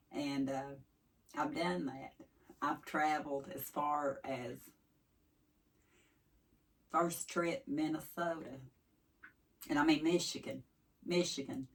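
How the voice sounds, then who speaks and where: A woman from East Tennessee with a Southern accent, chatting casually to her viewers in a folksy, rambling way. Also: low voice. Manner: folksy, chatty, wanders off track. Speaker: vlogger. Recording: voice a little distant from the mic.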